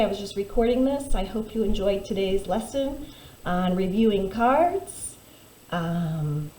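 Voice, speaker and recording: A woman teacher giving a recorded phonics lesson to young children, sounding out words slowly syllable by syllable. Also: medium pitch. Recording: echoey room with faint background hiss.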